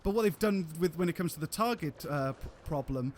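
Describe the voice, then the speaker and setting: A man's voice: a little high, expressive, brisk, a little mellow, slight background noise. A man giving casual gameplay commentary on a live stream, rambling with restarts and casual swearing.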